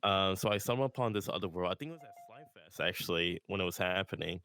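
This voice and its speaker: A man's voice: deep voice, lively intonation, fast, fairly bright tone. A man telling a story in a casual podcast chat, laid back, with lots of fillers and laughs. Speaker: guest, VR rave DJ.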